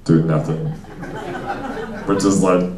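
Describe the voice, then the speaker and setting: A young man doing stand-up, his low voice wandering through loose, filler-heavy bits and crowd banter. He sounds a little distant from the mic, and the club room rings around him. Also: fairly even intonation, takes it slowly, dark tone. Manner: rambling, loose delivery with many fillers and asides. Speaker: stand-up comedian. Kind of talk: stand-up comedy set with crowd work. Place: comedy club stage before a small audience. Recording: echoey room, miked from a distance.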